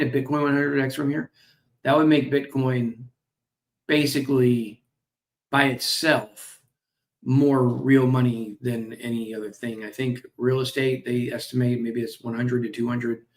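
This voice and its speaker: A male crypto stream host with a mid-range, slightly mellow voice casually reads and discusses company news, dropping jokey asides, fillers and apologies. He seems a little tired and yawns, recorded on a streaming mic.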